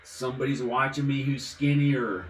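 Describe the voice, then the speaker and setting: A man's voice: medium pitch, fairly even intonation, moderate pace, reverberant, a little hiss or hum, poor audio. A man from the American South, vlogging casually while drinking, rambling and giggling from one topic to the next.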